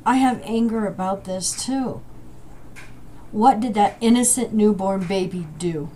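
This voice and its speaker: A middle-aged woman vlogging from home, speaking emotionally and haltingly and apologizing as she goes. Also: mid-range voice, warm tone, a little hiss or hum. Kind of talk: emotional commentary vlog. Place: home with a dryer running. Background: a dryer running.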